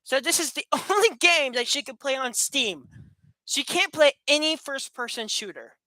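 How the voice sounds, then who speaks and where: A woman's voice: high-pitched, expressive, normal speed, sharp tone, no room sound. A woman vlogging in a casual chat to her webcam at home, playful and rambling, laughing often and joking sarcastically. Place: room at home with a fast fan running.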